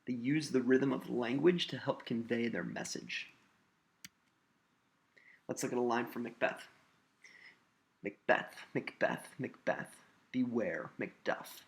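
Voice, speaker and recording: Gravelly male teacher, lively intonation. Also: mid-range voice, normal speed, long pauses. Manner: patient explaining, stresses syllables to demonstrate. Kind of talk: recorded tutorial lesson.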